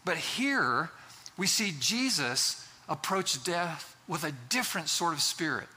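A man delivers a sermon to his congregation in a loose, conversational way, circling back and restarting his phrases. His voice is very bright and sits a little high for a man. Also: animated, measured pace, slightly rough. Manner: conversational preaching with fillers and restarts. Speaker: pastor.

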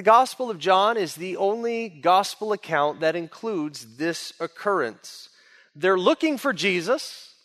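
A man's voice: high-pitched, animated, a little slow, fairly bright tone. A man preaching a sermon as pastor, in an earnest, emphatic way. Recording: long reverb of a large hall.

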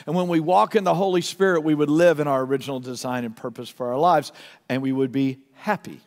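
Male preacher, higher voice, fervent sermon delivery with emphatic repetitions and soft, slow stretches; recorded in a big reverberant church hall. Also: steady tone. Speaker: pastor. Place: church sanctuary. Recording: long reverb of a large hall.

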